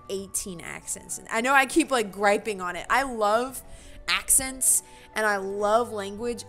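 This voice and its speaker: A woman's voice: mid-range voice, a bit bright. A woman hosting a casual let's-play, chatty and self-mocking as she comments on the game. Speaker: gaming channel host.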